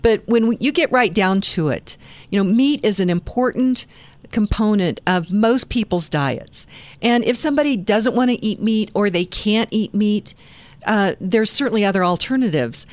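Woman talk radio host, chatty with fillers, medium pitch, dry studio sound. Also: expressive, moderate pace, no room sound. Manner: conversational, frequent fillers and restarts. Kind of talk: conservative talk radio chat.

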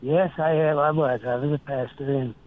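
An older man from Nebraska tells earnest stories in an interview, slowly acting out his past conversations. His voice comes through a thin, tinny line, as if on the phone. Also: medium pitch, steady tone, crowd noise. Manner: slow, earnest storytelling with quoted dialogue. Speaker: interview guest. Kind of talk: storytelling interview.

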